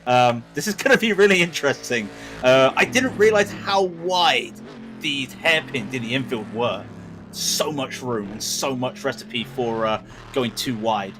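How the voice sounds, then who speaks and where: Animated man doing race commentary. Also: mid-range voice, unhurried, music in the background. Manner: animated, stumbling over words. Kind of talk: live sim-racing commentary.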